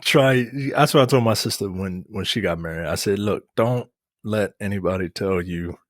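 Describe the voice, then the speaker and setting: A man's voice: low-pitched, normal speed, no echo. A man co-hosting a podcast, chatting casually in laid-back slang and stammering as he gives advice. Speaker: podcast co-host. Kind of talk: casual chat.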